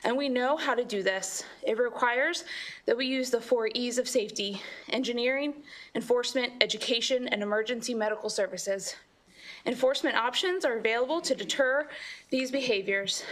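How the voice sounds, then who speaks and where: A woman's voice: a little high, moderate pace, a bit bright. Maryland woman giving formal testimony. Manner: apologetic, then reads a prepared statement. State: out of breath. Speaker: government affairs director testifying. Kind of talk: formal testimony at a legislative hearing.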